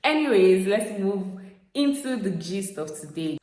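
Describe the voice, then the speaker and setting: A woman's voice: mid-range voice, unhurried, roomy sound, rough recording. A young woman from Nigeria telling a story in a casual, chatty vlog, often saying "like" and "guys". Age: young adult. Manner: chatty, animated, repeats fillers like "like" and "guys". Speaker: vlogger.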